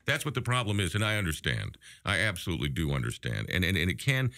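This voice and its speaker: A man's voice: sits low, very animated, fast talker, few pauses, pushed and bright, no room sound, clean studio sound. A middle-aged man co-hosting a recovery talk radio show, speaking earnestly and reflectively with frequent restarts. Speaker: co-host.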